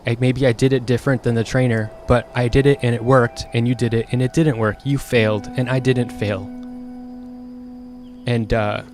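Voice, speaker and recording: A young man with a mid-pitched voice tells a personal story off the cuff. He sounds frank and exasperated and swears freely, with faint music playing underneath. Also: flat delivery, normal speed, darkish tone. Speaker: streamer. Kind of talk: casual storytelling monologue.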